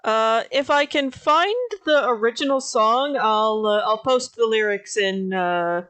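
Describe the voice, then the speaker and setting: A woman's voice: fairly high pitch, a little slow, fairly bright tone, clean tone, no room sound. A woman streamer chatting casually and laughing often.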